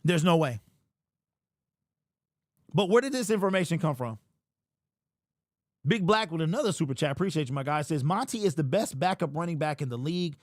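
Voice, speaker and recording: A young sports show host speaks briskly but pauses often, his animated voice on the high side, as he rants on a livestream and reads super chats. He sounds incredulous and exasperated, repeating himself. No echo; clean studio sound.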